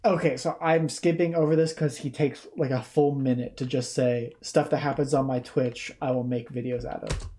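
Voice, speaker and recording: A reaction streamer giving casual commentary in a subdued, low-energy way, hesitating and restarting sentences often. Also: fairly even intonation, normal speed, mellow. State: subdued and tired.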